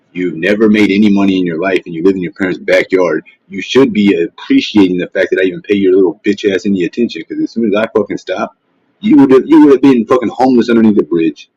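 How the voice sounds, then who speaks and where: A man with a deep, husky voice rants on a casual livestream, cursing and mocking as he rambles. The sound is dull and lo-fi, recorded dry and close. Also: darkish tone, no room sound. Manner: profane, mocking, trash-talking. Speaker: livestream host. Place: at home, face not shown. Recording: dull, dry lo-fi stream audio.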